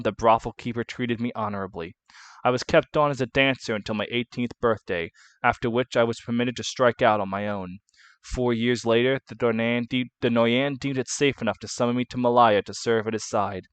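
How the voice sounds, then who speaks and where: Man voicing a woman consort, soft, subdued, storytelling, dry. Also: medium pitch, clean tone, dry recording, lightly acted. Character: woman consort recalling her hard youth.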